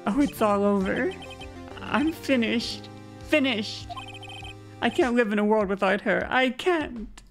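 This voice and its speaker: A woman voicing a distraught young man who wails melodramatically in a high, strained voice, reading game dialogue aloud. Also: expressive, takes it slowly, faint music behind. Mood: despairing. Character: wailing distraught young man, dramatic and despairing.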